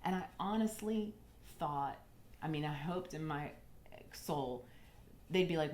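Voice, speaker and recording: Woman, lowish voice, halting, jumps between thoughts, personal account. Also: a little hiss or hum. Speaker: interviewee.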